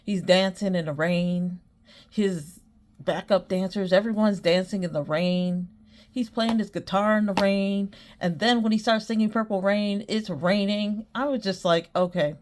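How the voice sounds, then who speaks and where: A woman's voice: medium pitch, measured pace. A woman hosting her own podcast, chatting casually and rambling, often breaking into giggles. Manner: rambling, many fillers. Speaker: podcast host. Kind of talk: casual solo chat.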